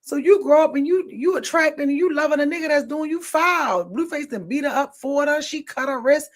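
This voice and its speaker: A high-voiced woman hosts a podcast in casual chat, speaking emphatically and repeating phrases for stress while swinging between loud and soft.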